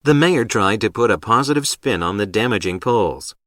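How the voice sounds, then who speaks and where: A man reading example sentences for an English lesson in a careful, even read. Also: on the low side, moderate pace, no room sound, clean studio sound.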